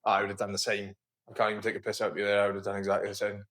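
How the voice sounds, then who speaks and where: A man's voice: on the low side, monotone, rapid-fire, a bit bright. A man from Wales hosting a podcast, teasing his guest with short, sweary interjections. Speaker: podcast host. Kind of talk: casual chat.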